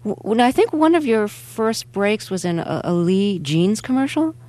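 A woman hosting a radio interview, asking measured, gently prompting questions. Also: medium pitch, sing-song.

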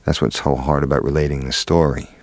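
A man's voice: rumbling low, flat delivery, fast talker, no room sound. A man, an actor, telling a long story in an interview, rambling with many fillers and restarts. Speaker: actor guest.

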